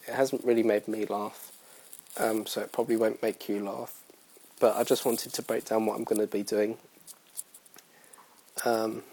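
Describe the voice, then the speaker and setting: A man's voice: mid-range voice, vocal fry, mellow, poor audio. A young man hosting his own podcast in casual, rambling, self-mocking chat full of fillers. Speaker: podcast host.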